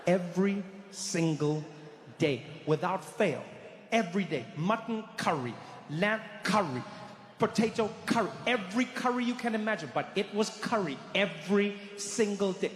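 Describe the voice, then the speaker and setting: A male stand-up comedian telling a story on a live stage, animated and acting out voices. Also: sits high, moderate pace. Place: large live theatre. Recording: echoey hall with faint crowd noise.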